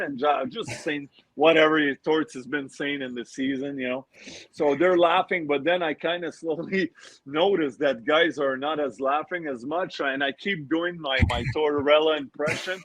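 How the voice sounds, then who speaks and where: A man's voice: a little high, normal speed, fairly bright tone, dry recording, rough recording. A man in his forties, a former pro hockey player, telling laughing anecdotes as a podcast guest. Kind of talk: casual podcast storytelling.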